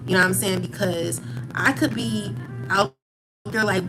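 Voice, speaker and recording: Woman tarot reader, calm monotone, blunt slang, clear music bed underneath. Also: mid-range voice, unhurried, pauses often, low-quality recording. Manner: calm, steady monotone delivery; rambling, repeats filler phrases. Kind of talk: spiritual pep talk to viewers. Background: background music.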